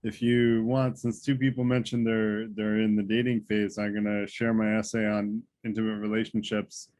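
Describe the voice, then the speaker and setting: A man hosting a group video call, speaking in a relaxed way with many fillers. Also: lowish voice, normal speed, no echo. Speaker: group host.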